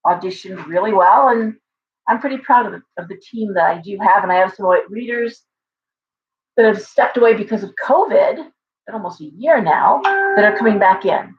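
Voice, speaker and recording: A woman's voice: medium pitch, expressive, slight background noise. A woman who owns a shop, hosting a live stream and telling stories in a rambling way, often stopping and starting over. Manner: rambling, storytelling with halting restarts. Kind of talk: casual livestream chat. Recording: dull lo-fi stream audio.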